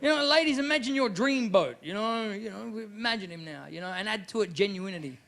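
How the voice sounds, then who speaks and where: A man from Australia with an Australian accent, doing a live stand-up set in an animated, mocking, profane manner. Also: sits high, fairly quick, gravelly. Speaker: stand-up comedian. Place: live comedy venue.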